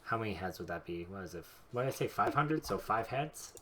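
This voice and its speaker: A young man commenting casually on his game, joking and thinking out loud. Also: lowish voice, animated, a little fast, slight background noise. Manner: joking, chatty, thinks aloud. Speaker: streamer.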